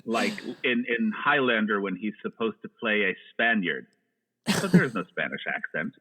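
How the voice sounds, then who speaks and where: A man's voice: on the low side, big pitch swings, normal speed, pushed and bright, breathy edge. A man chatting casually about movies, rambling and joking with lots of restarts. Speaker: podcast guest. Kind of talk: casual chat. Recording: tinny phone-like line.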